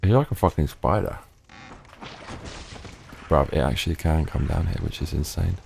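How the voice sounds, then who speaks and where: A man's voice: extremely low pitch, normal speed, vocal fry, a little mellow, a little hiss or hum. A young man giving casual, swear-filled let's play commentary, muttering in slang as he plays. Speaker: gaming streamer.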